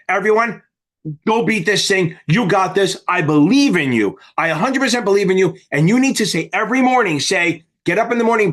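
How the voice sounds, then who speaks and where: A man's voice: on the high side, fairly bright tone. A man hosting a live exam-prep Q&A, giving blunt, profane, fired-up coaching in a casual livestream way.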